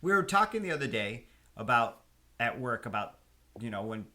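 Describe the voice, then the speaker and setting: A man's voice: mid-range voice, big pitch swings, normal speed, pushed and bright. A man co-hosting a podcast in casual chat, talking loosely and profanely, with frequent restarts. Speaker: podcast co-host.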